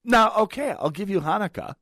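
A male talk radio host holds forth in a sardonic, rambling monologue full of wry asides. His pitch swings widely as he speaks. The studio sound is dry and close. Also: lively intonation, fairly quick, sharp tone, no room sound. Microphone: studio microphone.

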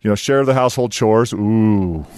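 A podcast co-host in his fifties chats casually on a show, talking briskly in a fairly low voice. He rambles with lots of fillers and laughs often, and the recording is dry with clean studio sound.

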